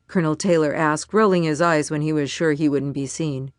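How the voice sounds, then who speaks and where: A woman with a low voice narrates an audiobook in a measured, even storytelling style. The recording is dry and of studio quality.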